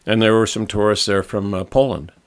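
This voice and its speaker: A man's voice: lowish voice, fairly even intonation, a little fast. A man co-hosting a podcast in a studio, telling travel stories in casual chat with many restarts and self-corrections. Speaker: podcast co-host back from travel.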